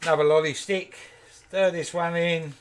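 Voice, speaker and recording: Man, Kent accent, slightly high voice, casual workshop chatter, jokey, answering viewer comments. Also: steady tone, normal speed. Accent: Kent English. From East London, England. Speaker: woodturning channel host. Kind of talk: casual live demo chat.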